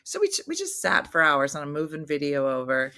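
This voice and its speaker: A middle-aged woman co-hosting a casual chat, telling stories in an animated way and slipping into playful voices. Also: deep voice, a little fast, no echo, clean studio sound. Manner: animated storyteller, playful voice shifts. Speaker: podcast co-host.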